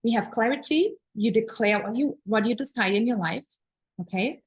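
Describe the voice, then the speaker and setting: A woman's voice: a little high, moderate pace, husky, poor audio. Woman teaching manifestation with gushing enthusiasm. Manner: earnest, repetitive, emphatic affirmations; enthusiastic, gushing about pleasure and gratitude. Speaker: manifestation coach. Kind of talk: spiritual teaching talk.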